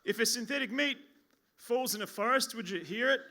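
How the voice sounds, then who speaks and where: A man's voice: very high voice, fairly quick, sharp tone. An Australian man doing a stand-up comedy set on a pub stage, rambling and self-mocking with lots of stammering restarts. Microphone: stage mic at a lectern.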